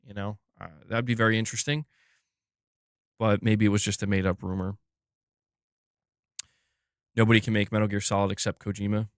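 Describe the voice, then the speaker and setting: Young male streamer, loose rambling chat with the audience; lower register, recorded dry and close. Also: flat delivery, brisk, pauses often, clean tone, dry recording. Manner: rambling, restarts often, calls chat "dude" and "bro". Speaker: livestream host. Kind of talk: casual livestream chat.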